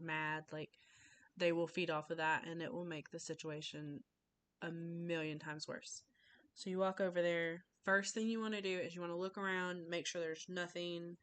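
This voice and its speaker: A woman's voice: fairly low pitch, fairly bright tone. A young woman giving an informal class speech over a webcam, casual and full of fillers and restarts.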